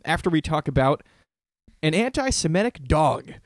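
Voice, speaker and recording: A man's voice: fairly high pitch, very animated, moderate pace, dry recording. A man hosting a casual comedic podcast, joking around and laughing at his own puns. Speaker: podcast host.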